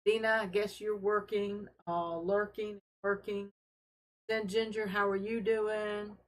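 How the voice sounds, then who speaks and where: A woman hosting a casual fish-keeping live stream from her home fish room, talking in an unhurried, friendly way with fillers as she carries her camera from tank to tank. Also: medium pitch, flat delivery, rough recording. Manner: unhurried, friendly, talks while showing tanks, with fillers. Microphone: handheld camera she carries around.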